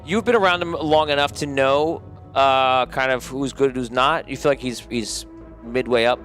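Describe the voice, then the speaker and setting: A man's voice: medium pitch, steady tone, moderate pace, fairly bright tone, faint music behind. A man acting as game master, narrating a tabletop game in a loose, amused way and laughing often.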